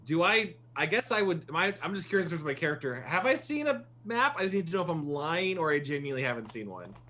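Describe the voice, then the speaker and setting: A man playing a tabletop game, talking in halting restarts. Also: a little high, big pitch swings, pushed and bright, slight background noise. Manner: halting, self-interrupting. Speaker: player.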